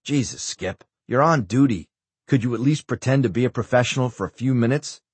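A man's voice: mid-range voice, a little fast, darkish tone, husky, no room sound, close to an everyday voice. A man voicing a stern, commanding male federal agent in an audiobook. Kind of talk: audiobook character voice.

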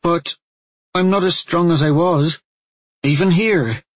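A man putting on a frightened young apprentice witch in an audiobook, her voice pushed up high and pleading. The tone is husky and breathy, recorded close and dry. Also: moderate pace, darkish tone, no room sound, natural voice.

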